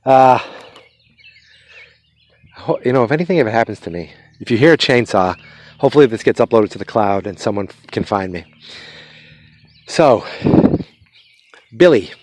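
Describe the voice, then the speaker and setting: A man's voice: medium pitch, lively intonation, moderate pace, pauses often, a little mellow, slight background noise. A man hosting a podcast, casually retelling a movie's plot in a loose, rambling way, with many fillers and restarts. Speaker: podcast host.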